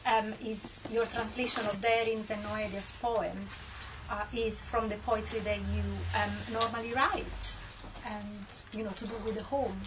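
A woman hosting a poetry panel, asking questions softly and hesitantly and murmuring agreement. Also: mid-range voice, steady tone, measured pace, hardly any pauses. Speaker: event host. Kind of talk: moderating a panel discussion. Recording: noisy recording from far from the mic.

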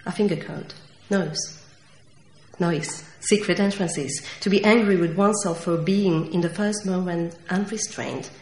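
A woman with a Central Eastern European accent reading her poetry aloud, slow and measured, with dramatic stresses. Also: on the low side, darkish tone. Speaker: poet. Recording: echoey room with faint noise.

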